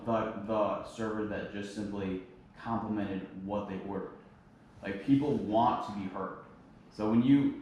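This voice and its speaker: A man's voice: fairly low pitch, darkish tone, a little hiss or hum. A man coaching his sales team in a meeting, repeating his points with emphasis. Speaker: sales trainer. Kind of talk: team training talk. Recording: echoey room from far off.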